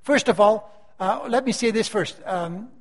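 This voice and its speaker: Older preacher in a reverberant hall. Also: male voice, sits high. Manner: emphatic, slows down to stress key phrases. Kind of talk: sermon.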